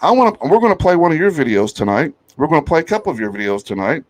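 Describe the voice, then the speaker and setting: A man hosting a podcast, telling a story in a loud, profane, animated way and laughing often. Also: on the high side, racing. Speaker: podcast host. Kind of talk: casual storytelling chat.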